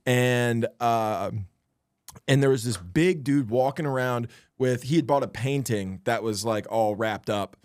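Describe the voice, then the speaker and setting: A young man, a stand-up comic co-hosting a podcast, telling a story in lively bursts and laughing as he goes. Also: medium pitch, unhurried, dry recording, clean studio sound. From Florida. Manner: animated storyteller, laughs mid-sentence. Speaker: stand-up comedian and podcast co-host. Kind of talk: casual podcast chat.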